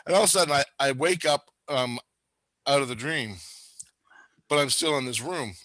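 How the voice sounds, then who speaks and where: A man telling a wild story in casual chat, animated and profane, acting out what people said. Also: mid-range voice, normal speed, no room sound. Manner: animated, profane, acts out quotes.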